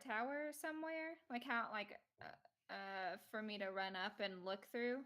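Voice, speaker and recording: A woman's voice: medium pitch, measured pace, a bit bright. A woman playing a tabletop game, talking hesitantly with many fillers. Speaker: player. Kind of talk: casual chat.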